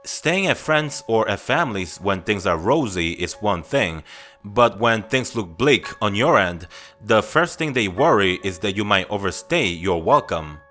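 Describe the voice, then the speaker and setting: Guy reading creepy stories, low but bright voice, faint music behind. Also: big pitch swings, a little slow. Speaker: narrator of scary stories. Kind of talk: scripted first-person story narration.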